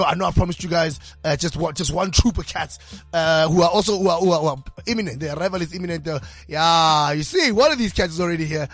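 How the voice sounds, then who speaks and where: High-voiced energetic host. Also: male voice, no room sound. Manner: energetic, slangy, rambling. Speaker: podcast host. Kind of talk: casual podcast chat. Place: radio studio.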